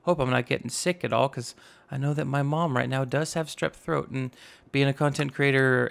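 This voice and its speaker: A man in his twenties with a slightly raspy voice, casually narrating a building game and rambling as he goes. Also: mid-range voice, fairly quick. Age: 20s. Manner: rambling, self-teasing, narrates each step aloud. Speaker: gaming YouTuber. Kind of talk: casual Minecraft let's play commentary.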